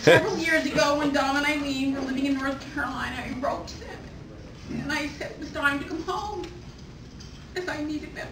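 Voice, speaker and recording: An older woman giving a heartfelt, measured anniversary toast as maid of honor, reading prepared remarks at a party. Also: high voice. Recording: echoey distant room, background noise.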